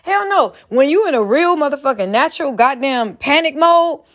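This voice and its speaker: Donna dalla voce acuta, schietta e scurrile, che commenta con foga. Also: female voice, high-pitched, expressive, normal speed, a bit bright. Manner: heated, blunt, profane, repetitive. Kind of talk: profane reaction commentary.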